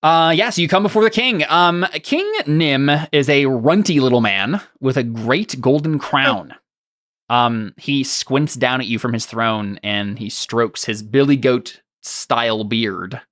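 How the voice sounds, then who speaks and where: A man's voice: medium pitch, a little slow, a bit bright, dry recording, clean studio sound. A man running a tabletop game as game master, narrating scenes with frequent laughter and filler words. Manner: rambling, laughs often.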